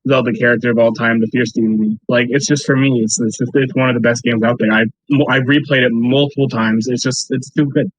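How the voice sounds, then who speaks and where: A man's voice: medium pitch, fairly even intonation, a little fast, hardly any pauses, no echo, rough recording. A young man co-hosting a casual podcast chat, rambling with lots of fillers and laughing mid-sentence. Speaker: podcast co-host. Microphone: remote call with an earpiece.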